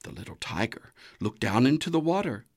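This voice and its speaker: A storyteller reading a children's animal fable in an animated, expressive way, with dramatic pauses. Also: mid-range voice, vocal fry.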